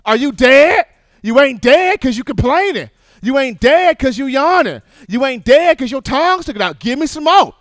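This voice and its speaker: A man acting out a fiery male strength coach who shouts and taunts worn-out players. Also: very high-pitched, big pitch swings, moderate pace, no room sound, pitched above the performer's own voice, heavily acted. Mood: taunting.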